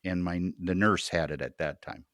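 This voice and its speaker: A man telling a deeply personal story as a podcast guest, earnest and halting, often repeating words as he restarts. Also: fairly even intonation, a bit bright, dry recording.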